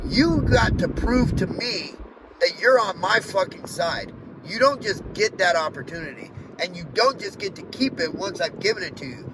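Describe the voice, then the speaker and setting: A man's voice: sits high, lively intonation, moderate pace, very noisy. A man talking candidly in a personal video diary, blunt and rambling, swearing often and drifting off on tangents. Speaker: vlogger.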